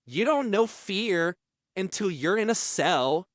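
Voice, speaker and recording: Deadpan male storyteller, dry close sound. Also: high voice, takes it slowly, no echo. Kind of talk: comedic storytelling.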